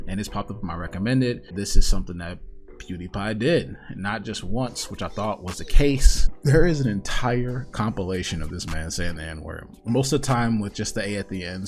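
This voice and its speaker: Host, male, low-pitched, blunt irritated rant to camera, soft music underneath. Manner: blunt, irritated, swears, addresses viewers as guys. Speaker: commentary host. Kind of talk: casual ranting commentary.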